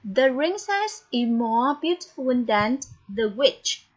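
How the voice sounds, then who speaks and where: Encouraging woman English teacher, high voice and slow, deliberate delivery. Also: sing-song. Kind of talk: online English lesson. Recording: dull, lo-fi recording with faint noise.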